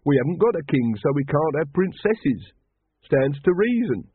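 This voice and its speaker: A man voicing a dour, blunt working-class cult member in a raised, gruff voice. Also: very animated, moderate pace, no echo. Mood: grumbling. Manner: gruff, blunt, higher than the reader's own voice. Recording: dry, tinny, phone-like sound.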